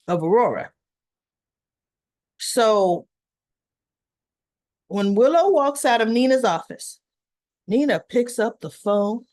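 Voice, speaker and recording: A woman's voice: mid-range voice, a little mellow, no room sound. A woman hosting a casual recap, retelling scenes with acted-out quotes and chatty asides. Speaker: soap opera recap host.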